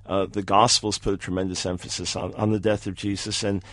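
A man answering in a debate, measured and explanatory. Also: lowish voice, flat delivery, a bit bright, no room sound. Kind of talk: debate rebuttal.

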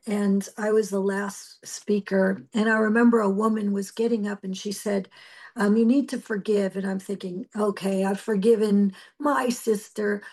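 A woman's voice: medium pitch, a little mellow. Earnest woman giving emotional testimony. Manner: earnest, emotional storytelling with halting restarts. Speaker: preacher. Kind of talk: personal testimony.

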